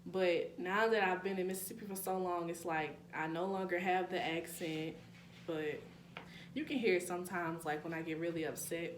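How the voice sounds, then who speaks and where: A woman's voice: lowish voice, steady tone, moderate pace. A young woman from New Orleans with a New Orleans accent, chatting casually to her viewers in a vlog, with laughing asides and calling them y'all. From New Orleans, Louisiana. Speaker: YouTuber. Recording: echoey room with faint hum.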